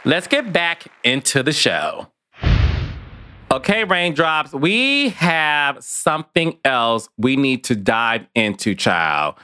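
A man's voice: medium pitch, very animated, slow, pushed and bright, clear, resonant tone, no echo, clean studio sound. A man hosting a gossip podcast, sassy and chatty, calling listeners "child" and "honey". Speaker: podcast host.

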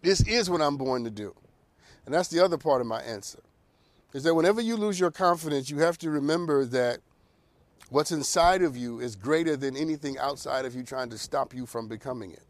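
A man hosting a talk show, giving advice in an animated, preacher-like cadence. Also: medium pitch, brisk.

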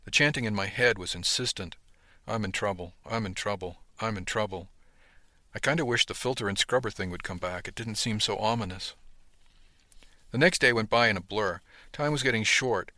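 A man giving scripted first-person narration of a novel in a steady storytelling manner. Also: lowish voice, fairly quick, no room sound, clean studio sound. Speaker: audiobook narrator.

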